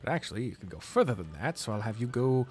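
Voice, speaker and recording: A woman's voice: extremely low pitch, very animated, fast, darkish tone. A woman streaming a video game, chatting casually, rambling, laughing often and swearing freely, sometimes slipping into gushing baby talk. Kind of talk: casual gameplay stream chat. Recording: faint music behind.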